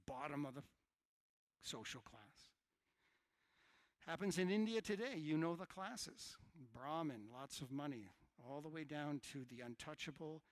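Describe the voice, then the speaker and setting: Animated male preacher with dry sound. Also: a little high, unhurried, no echo. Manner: animated preaching, swinging from hushed to shouted. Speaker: pastor. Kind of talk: sermon.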